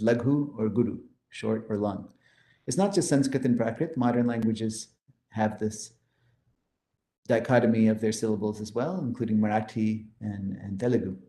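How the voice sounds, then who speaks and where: With a warm, mid-range voice in a roomy-sounding space, a man gives an enthusiastic math lecture. He points to slides while explaining formulas and counting things out step by step.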